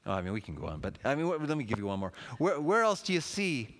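A man preaching a sermon in a lively, conversational way, with asides to the congregation. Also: mid-range voice, fast talker. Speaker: pastor. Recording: long hall reverb.

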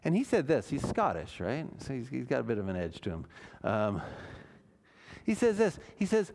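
A man's voice: mid-range voice, wildly swooping pitch, moderate pace, darkish tone. A man, a pastor, preaching a sermon in church, earnest and emphatic, asking his listeners questions.

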